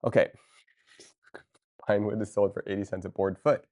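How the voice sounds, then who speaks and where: A woman chatting casually with her viewers on a live stream, excitable and playful, talking straight to chat. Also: extremely low pitch, normal speed. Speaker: livestreamer.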